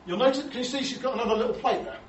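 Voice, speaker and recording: A man's voice: very high voice, racing. An Englishman giving a humorous talk to an audience, telling chatty, self-mocking stories and acting out the voices he quotes. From England. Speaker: speaker showing photos to an audience. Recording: echoey hall, distant mic, faint noise.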